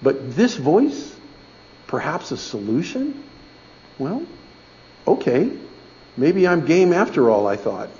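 A man's voice: a little high, big pitch swings, slow, long pauses, darkish tone. A middle-aged man telling a personal story to a church gathering, folksy and conversational, often asking "okay?". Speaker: speaker giving a testimony in church. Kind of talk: storytelling sermon. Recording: dull lo-fi recording.

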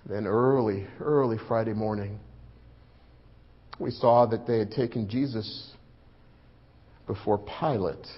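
A man playing a grieving male disciple in a dramatic first-person sermon, swelling loud for the crowd and sinking hushed and low. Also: slow pace, long pauses. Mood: urgent. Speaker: preacher in first-person monologue. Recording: muffled lo-fi recording.

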